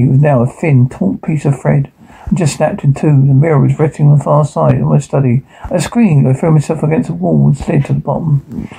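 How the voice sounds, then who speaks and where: A man reading a first-person horror story aloud, halting now and then with stumbles and restarts. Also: fairly high pitch, vocal fry, warm tone, breathy edge, low-quality recording. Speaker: narrator.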